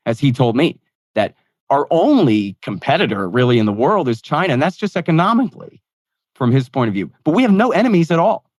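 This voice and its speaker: A man speaking as a guest in a casual interview, making his points in an emphatic, fast-flowing, opinionated way with sardonic asides. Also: medium pitch, no room sound.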